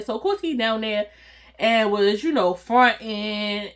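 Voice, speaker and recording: A woman vlogger telling a casual storytime, animated and slangy, acting out what people said and laughing often. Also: fairly high pitch, normal speed. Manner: animated, slangy, acts out quoted voices.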